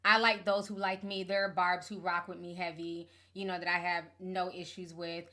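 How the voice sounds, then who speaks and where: A woman's voice: fairly low pitch, little pitch movement, moderate pace, pushed and bright. A woman hosting a casual gossip commentary show, talking bluntly with plenty of profanity and laughter.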